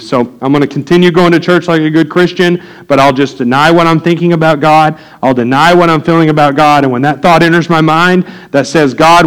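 A man's voice: medium pitch, poor audio. A man preaching a sermon from the pulpit in a conversational way, with frequent fillers and light jokes to the congregation. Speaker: pastor.

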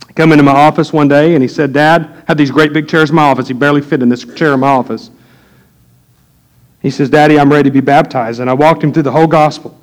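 A man's voice: on the high side, steady tone, quick pace. A middle-aged man, a pastor preaching a sermon to his congregation in a folksy storytelling way.

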